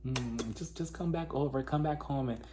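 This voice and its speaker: A man doing a low, hushed, pleading ex-boyfriend. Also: fast, a little hiss or hum, natural voice. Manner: soft, crooning, murmured pleas.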